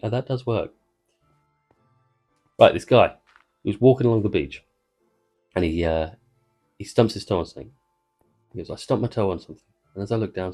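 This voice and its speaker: A man's voice: low voice, mellow. A man giving casual, rambling commentary while playing a video game, trying to tell a joke and interrupting himself. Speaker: gaming video creator. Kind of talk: casual let's-play commentary.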